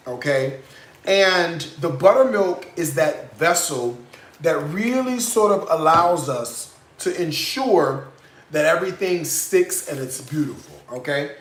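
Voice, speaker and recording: Sassy chatty man, echoey kitchen. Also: high voice. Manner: sassy, chatty, addresses viewers directly, frequent "okay?" tags. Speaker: cooking show host. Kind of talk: live cooking demonstration with sales pitch. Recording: echoey room with faint noise.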